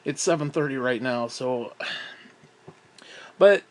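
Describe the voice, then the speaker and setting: A man's voice: mid-range voice, slow pace. A young man rambling through a casual, profane vlog monologue, often breaking into laughs and sighs. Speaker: vlogger.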